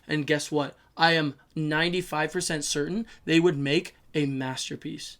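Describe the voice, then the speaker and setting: Brief: male podcast co-host, fairly high voice, emphatic, chatty. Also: fairly even intonation, fairly bright tone. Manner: emphatic, quick to agree. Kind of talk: casual podcast chat.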